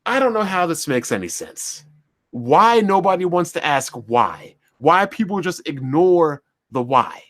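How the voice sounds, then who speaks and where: A man on his commentary channel rants straight to his viewers in a fairly high voice. His pitch rises and falls widely, and he drives his points home with one repeated rhetorical question after another. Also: a little slow. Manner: animated, repetitive rhetorical questions. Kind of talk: opinion rant to camera.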